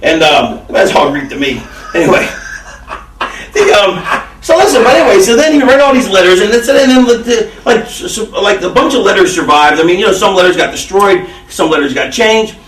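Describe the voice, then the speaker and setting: A man with a high-pitched voice rambles through a casual chat, stacking fillers and restarting his sentences. He sounds far from the mic in an echoey room, as if recorded across a restaurant table. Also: lively intonation, brisk, fairly bright tone. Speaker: interviewee. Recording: roomy sound from a distant mic.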